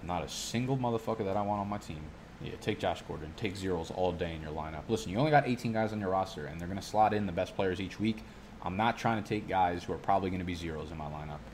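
Deep-voiced man rambling through a fantasy draft. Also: fast talker, darkish tone, slight background noise. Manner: rambling, profane, goes off on tangents. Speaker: fantasy football YouTuber. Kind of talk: casual vlog commentary while drafting.

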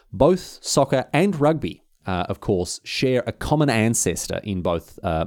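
A man with an Australian accent talks through a history explainer in a loose, wry way, joking as he goes. He often stumbles, restarts and fills pauses. His voice sits a little low, and the recording is dry with no room sound. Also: a little mellow, dry recording.

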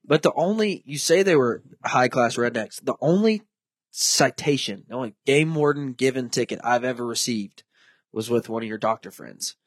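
A man's voice: medium pitch, normal speed, dry recording. A young man tells his stories with energy, jumping into the voices of the people in them. His voice sits in an ordinary middle range. The sound is dry and close to the mic. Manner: animated storyteller, acts out quoted voices. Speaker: podcast host. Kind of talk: casual storytelling chat.

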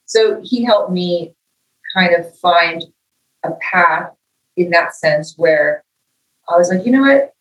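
A middle-aged woman with a fairly low voice tells lively stories in a casual interview and acts out what other people said. She sits some distance from the mic, and the room adds a clear echo. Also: takes it slowly, long pauses. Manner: animated storyteller, acts out quoted dialogue. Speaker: guest musician.

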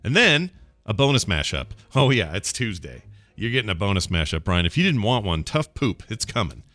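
A man hosting a podcast in casual, jokey chat, animated and stumbling over names. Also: fairly low pitch, brisk, no room sound. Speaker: podcast host.

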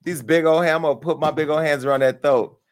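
Fast and animated, this male host tears through a crude comedic commentary rant, brashly jumping between loud eruptions and quieter asides.

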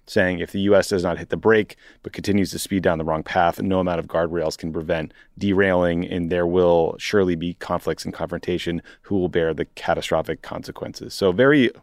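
A man's voice: deep voice, fairly even intonation, fairly quick, few pauses, no echo, clean studio sound. A man co-hosting a political podcast, reading out news items and then commenting on them in a casual way. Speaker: podcast co-host.

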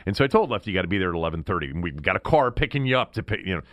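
A man hosting a sports talk show, telling stories in an animated way. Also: sits low, very fast, no room sound, studio quality. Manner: animated storyteller. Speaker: sports radio host. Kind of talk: sports talk radio banter.

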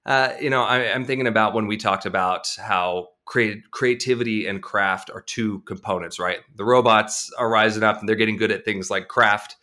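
With a lowish voice and a sharp tone, this man co-hosts an advice podcast, debating conversationally. He pushes back thoughtfully but hesitantly, with lots of fillers and restarts.

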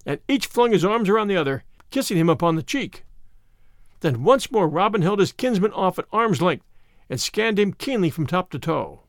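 A man narrating an audiobook in an expressive storytelling manner. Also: on the high side, brisk, dry recording, clean studio sound.

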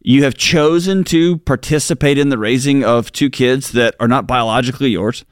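A man's voice: medium pitch, moderate pace, clear, resonant tone, dry recording. Man, earnest, chatty advice host, dry close sound. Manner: earnest, colloquial, uses y'all. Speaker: co-host of a money advice show. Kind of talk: casual radio advice talk.

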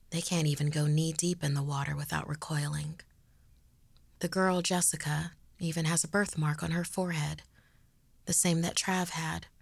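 A woman narrating a horror story in a hushed, half-whispered delivery as host. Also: low-pitched, vocal fry, dry recording. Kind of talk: scripted narration.

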